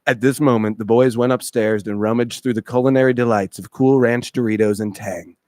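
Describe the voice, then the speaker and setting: A man narrating a comedy radio skit in a deadpan, mock-serious storytelling way. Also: mid-range voice, brisk, no room sound, clean studio sound.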